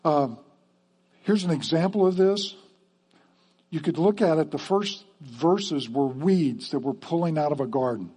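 A man's voice: a little high, measured pace, dark tone, breathy edge. A man preaching a sermon to his church in a conversational way, often checking in with the congregation with "okay?". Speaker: pastor.

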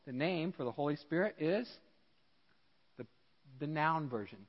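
An American man preaching a sermon as pastor, animated and acting out characters in dialogue. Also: on the high side, measured pace, long reverb tail, dull audio. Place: church.

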